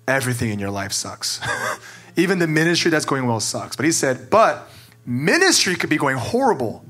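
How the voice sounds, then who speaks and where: His voice sits on the high side with a fairly bright tone as this pastor talks openly and emotionally. He's earnest throughout, leaning heavily on "like."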